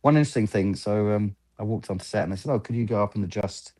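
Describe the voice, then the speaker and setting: Low, mellow-voiced man telling rambling stories. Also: fast talker. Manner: rambling anecdotes, acting out quoted exchanges. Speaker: film lighting gaffer, guest. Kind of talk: casual interview storytelling.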